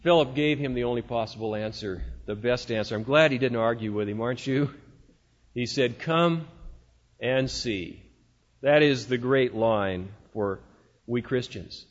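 A man's voice: mid-range voice, normal speed. A man preaching a sermon as pastor, in a folksy, conversational way with rhetorical asides to the congregation. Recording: dull lo-fi sound in a reverberant hall.

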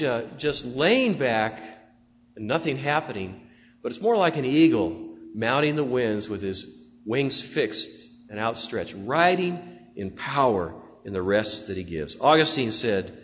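A man preaching a sermon as pastor, rising to loud emphatic declarations and dropping to soft prayerful tones. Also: mid-range voice, big pitch swings, measured pace. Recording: dull sound with long church reverb and faint hum.

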